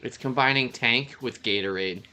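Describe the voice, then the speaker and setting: A man's voice: mid-range voice, moderate pace, bright, forceful tone, a little hiss or hum. A man casually chatting on his live stream as he plays a shooter, loose and profane, rambling and talking to his cat. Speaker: gaming streamer. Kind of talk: casual live-stream chat while playing.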